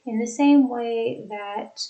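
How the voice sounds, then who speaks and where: A young woman teacher reviewing a class lesson, speaking deliberately and demonstrating example sentences. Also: fairly high pitch, warm tone, muffled recording. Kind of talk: lecture recap for students.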